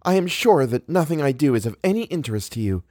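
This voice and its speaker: A man's voice: on the high side, sing-song, fast talker, a little mellow, dry recording, pitched above the performer's own voice. Man doing a young woman, proud and hurt, tight formal voice, storybook reading, dry sound. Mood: stiff.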